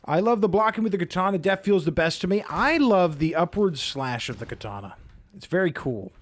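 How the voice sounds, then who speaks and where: A man's voice: sits high, lively intonation, fairly quick. A man giving let's-play commentary as he plays, chatty and self-mocking, reacting aloud to the game. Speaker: gaming video creator.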